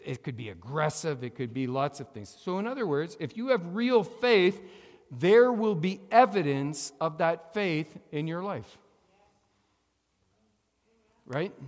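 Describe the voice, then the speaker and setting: A man preaches in a hall that rings with long reverb. His voice sits a little high for a man. He calls out for amens, has the congregation repeat after him, and swings between loud emphasis and quiet asides. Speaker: pastor. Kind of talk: sermon. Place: church sanctuary.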